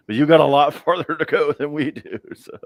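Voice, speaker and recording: A man's voice: a little high, fairly quick, gravelly, dry recording, studio quality. A man hosting a live chat from his garage, easygoing, chuckling often and trailing off mid-sentence. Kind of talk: casual chat.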